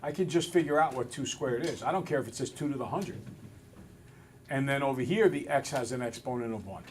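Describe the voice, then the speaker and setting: A male math teacher in a classroom, relaxed and a little self-deprecating, talking through each step aloud. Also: mid-range voice, a little fast, slight background noise. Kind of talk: classroom lesson. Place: school classroom with students.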